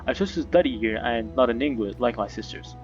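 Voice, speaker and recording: A man's voice: mid-range voice, animated, fairly quick, lo-fi sound, faint music behind, natural voice. Man reading as a sad young woman passenger. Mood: wistful. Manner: plain reading of her lines, own voice.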